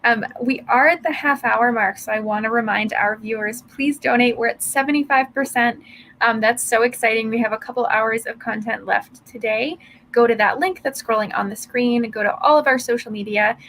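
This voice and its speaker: A woman's voice: on the high side, moderate pace, fairly bright tone, poor audio. A woman co-hosting a charity livestream, upbeat and peppered with "um" fillers while she asks interview questions. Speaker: fundraiser stream co-host.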